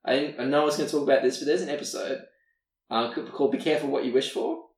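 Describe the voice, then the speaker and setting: Racing along in a medium-pitched voice, this man co-hosts a podcast and recaps a TV episode with plenty of animation. Frequent laughter and acted-out character lines mark his casual chat, picked up by a distant mic in a roomy space.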